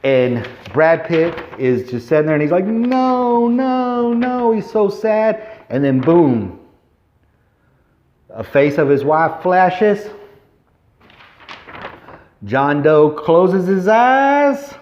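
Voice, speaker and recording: A man recaps a movie in a rambling, chatty, offhand way. His voice sits a little high for a man. The recording is roomy and dull, like a lo-fi home setup. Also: animated, slow, long pauses, darkish tone. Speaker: vlogger.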